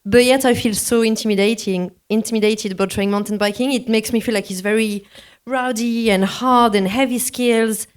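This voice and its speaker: A woman's voice: fairly high pitch, steady tone, moderate pace. A woman moderating a live panel, asking questions and laughing along with guests.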